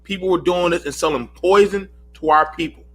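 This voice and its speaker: A man's voice: high-pitched, a little fast. A man in his thirties hosting a heated panel call, preachy and emphatic, often repeating himself. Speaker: host of a panel call show.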